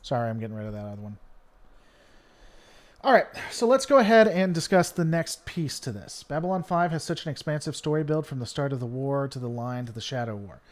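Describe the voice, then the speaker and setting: This live-stream host from Tennessee speaks at medium pitch, expressive and fairly quick, with a faint Southern American twang now and then. He reads and answers viewer comments casually, rambling through many fillers and restarts.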